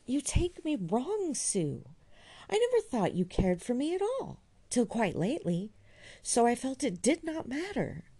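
A devoted young man who pleads earnestly and takes hurt easily, as a woman reader puts him on. The voice is mellow and slightly gravelly, rising with feeling. He sounds like someone from a storybook romance. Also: on the high side, wildly swooping pitch, unhurried, voice pushed up, full character voice.

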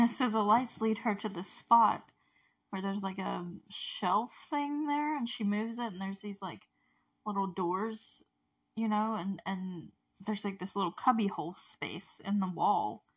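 A woman's voice: medium pitch, unhurried, breathy edge. A woman giving a casual, chatty recap of a TV episode, gushing and rambling with fillers and frequent laughter.

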